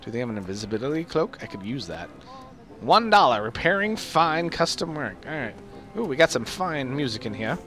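A man's voice: medium pitch, sing-song, fairly quick, a bit bright, faint music behind. A young man joking and laughing as he comments on a video game. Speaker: gamer. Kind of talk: let's play commentary.

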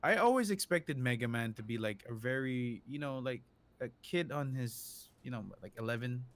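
A man co-hosting a casual podcast about games, animated and joking, often acting out his own inner voice. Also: mid-range voice, moderate pace, no echo. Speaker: co-host.

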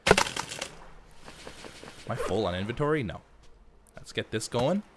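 A man's voice: on the low side, lively intonation, measured pace, heavy background noise. A man hosting a let's play, chatting casually as he narrates his own gameplay and jokes to himself.

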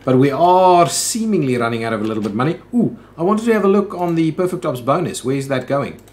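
A man's voice: on the high side, big pitch swings, fast, darkish tone. A man hosting a let's play, thinking aloud in casual commentary with frequent "ooh"s and "um"s.

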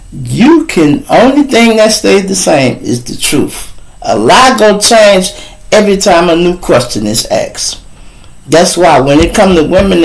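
A man's voice: fairly high pitch, gravelly, poor audio. A man with a Chicago accent, hosting a live talk show and telling crude stories, laid-back and speaking straight to his listeners. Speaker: show host.

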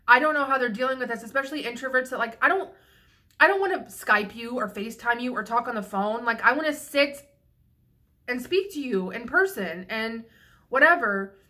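A young woman talks straight to camera in a rambling, profane vent, doubling back on herself mid-sentence. Her voice sits a bit high and rings bright and sharp, and she sounds a little tipsy. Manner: frank and profane, rambling with restarts. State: slightly tipsy. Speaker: vlogger. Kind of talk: casual venting monologue.

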